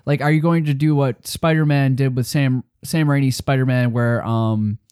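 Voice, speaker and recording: A man's voice: medium pitch, steady tone, a little mellow, smooth, no echo. Male co-host, jokey banter, dry close sound. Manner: joking, quick banter. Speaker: podcast co-host. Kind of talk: casual podcast chat.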